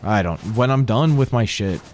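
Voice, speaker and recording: A man's voice: medium pitch, lively intonation, normal speed. A young man playing a video game, chatting casually and often swearing in frustration. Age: young adult. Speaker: gamer playing a game on a let's-play. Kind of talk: casual gaming chat.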